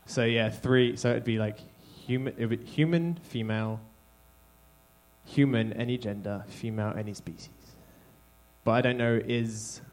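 An English man performing stand-up comedy, chatting to the crowd in a loose, conversational way. His delivery is punchy and self-deprecating, and his voice is of ordinary pitch for a man. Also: moderate pace, a little mellow, a little hiss or hum. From England.

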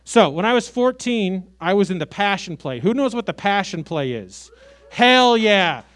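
Stand-up comic in his late thirties, from Chicago; high voice, brash sarcastic delivery that jumps between loud and quiet. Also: animated, normal speed. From Chicago, USA. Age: 30s. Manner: brash, sarcastic, big swings in loudness. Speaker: stand-up comedian. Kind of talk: stand-up comedy set.

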